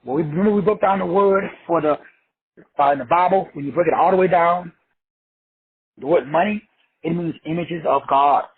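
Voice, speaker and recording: A man's voice: on the high side, normal speed, long pauses, slightly rough. A man from Texas teaching a group on an online call in an emphatic, preachy way, repetitive, slangy and profane. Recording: phone-like lo-fi audio.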